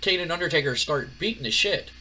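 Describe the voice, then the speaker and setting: A man's voice: on the high side, fairly quick. A man casually commentating his wrestling management game, rambling with lots of fillers. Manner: relaxed, rambling, many fillers. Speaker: gaming channel host. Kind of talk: casual let's-play commentary.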